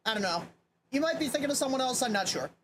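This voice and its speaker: A woman's voice: sits high, sing-song, fast talker, fairly bright tone, husky. A woman hosting a livestream, chatting casually with hesitant restarts and easy laughter. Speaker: livestream host. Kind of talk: casual livestream reaction chat.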